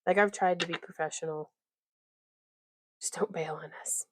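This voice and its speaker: A woman chats her way through a crafting livestream, rambling and laughing often as she reads out viewer comments. Her voice sits a little low, and the sound is dry and close. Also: fairly even intonation, normal speed, long pauses, no room sound. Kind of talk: casual livestream chat while crafting.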